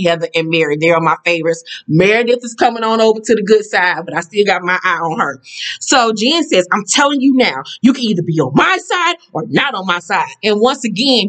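A woman's voice: medium pitch, fairly bright tone. A woman vlogger recapping a reality show episode in a sassy, blunt, casual way, swearing freely and laughing at her own jokes.

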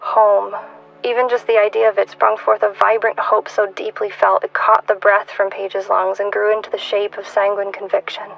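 A woman in her twenties reading her own fiction aloud in a measured, hushed way, at times dropping to a whisper. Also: medium pitch, little pitch movement, gravelly, muffled recording. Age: 20s. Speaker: author.

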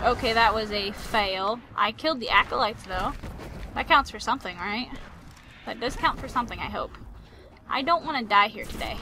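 A woman host giving playful, excitable let's-play commentary, taunting enemies and making silly sound effects as she plays. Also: a little high, moderate pace, noisy background. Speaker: gaming channel host.

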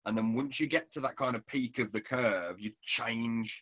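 A man's voice: medium pitch, moderate pace, slightly rough, phone-quality sound. A man, an English writer, talking casually and thoughtfully, praising another author's work in long winding sentences. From England. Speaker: author and interviewer. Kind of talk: casual literary discussion.

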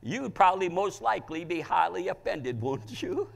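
An older American man preaching a sermon, swinging between loud cries and quiet, low passages. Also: sing-song, normal speed, gravelly. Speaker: pastor.

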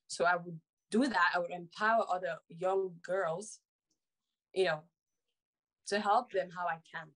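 A woman's voice: mid-range voice, poor audio. A young woman from Sierra Leone answering audition interview questions hesitantly, with many fillers. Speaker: reality show applicant.

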